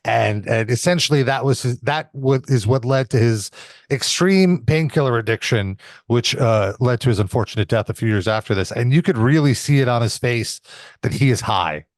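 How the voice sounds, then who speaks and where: Hosting a casual podcast that reviews wrestling episodes, a man recaps an old one in an explanatory way, using frequent fillers and some somber asides. His mid-range voice is animated and moves at a moderate pace. The recording is dry and studio quality.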